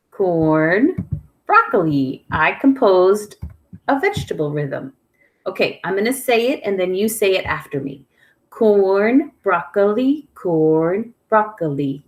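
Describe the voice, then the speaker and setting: A woman teaching an online music lesson to young children, speaking patiently and leading call-and-response rhythms. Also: lowish voice. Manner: patient, clear, sing-song call-and-response prompting.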